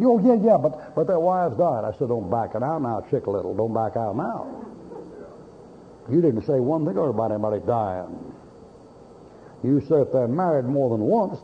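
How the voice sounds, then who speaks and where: A male pastor with a creaky, middle-pitched voice preaches a sermon full of folksy anecdotes and blunt jokes, voicing the characters in his stories. The recording is dull and lo-fi, with a faint hiss underneath.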